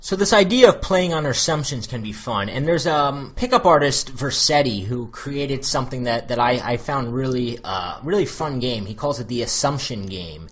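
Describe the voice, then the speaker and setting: Husky-voiced American man giving dating tips. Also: mid-range voice, lively intonation, normal speed, hardly any pauses, a bit bright. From United States. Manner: loose and chatty, many fillers. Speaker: dating coach. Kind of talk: casual spoken advice monologue.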